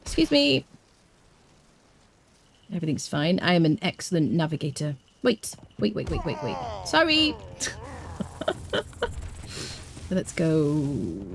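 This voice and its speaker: Lively Scottish woman streaming a game. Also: low voice, measured pace, pauses often, slight background noise. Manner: playful, chatty, hums and chats to viewers; clear careful enunciation. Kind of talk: casual live-stream gameplay commentary.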